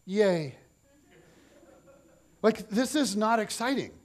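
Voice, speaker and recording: High-voiced, lively storytelling pastor. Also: male voice, normal speed. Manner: animated storytelling, acts out the scenes. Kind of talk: sermon.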